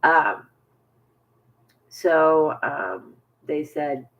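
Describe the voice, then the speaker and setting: A man telling a personal story to camera in a halting, rambling way, full of fillers and restarts, often sinking to a near whisper. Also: on the high side, animated, highs cut off. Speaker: vlogger.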